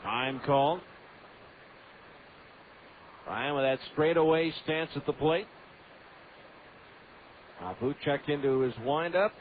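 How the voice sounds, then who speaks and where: A man calling a baseball game on the radio in steady play-by-play, full of stats. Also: on the high side. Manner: steady, stat-heavy narration. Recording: tinny AM radio broadcast with faint hiss.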